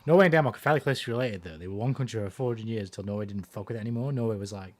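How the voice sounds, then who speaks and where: A man streaming a fighting game, swearing casually and thinking out loud about his strategy. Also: on the low side, racing, few pauses. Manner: profane, thinks out loud, self-deprecating. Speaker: gaming streamer. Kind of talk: casual commentary while playing a fighting game.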